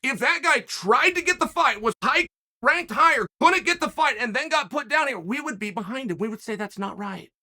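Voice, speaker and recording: A man on his own commentary show talks fairly quickly in an extremely high, sharp, animated voice. He rants emphatically on his own, repeatedly challenging the audience with rhetorical questions.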